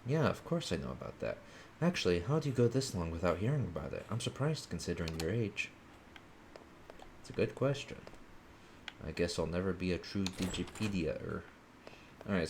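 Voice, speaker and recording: A man's voice: low-pitched, sing-song, moderate pace, darkish tone, a little hiss or hum. A man streaming a video game, talking casually and muttering to himself as he plays. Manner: laid-back, muttering to himself. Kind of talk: casual gameplay commentary.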